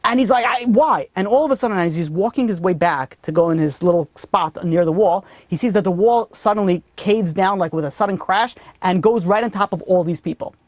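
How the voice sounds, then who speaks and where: A man, teaching a Torah class and telling stories with lively swings between loud and hushed delivery. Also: sits high, a little fast, few pauses, no echo. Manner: animated storyteller, drops to a murmur for story asides. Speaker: rabbi teaching a weekly class.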